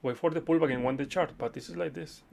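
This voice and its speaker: Gravelly-voiced man hosting a live chart stream. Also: fairly high pitch, quick pace, a little mellow, a little hiss or hum. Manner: chatty, repeats okay, addresses viewers as friends. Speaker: livestream host reading viewer chart requests. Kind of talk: casual live chart analysis.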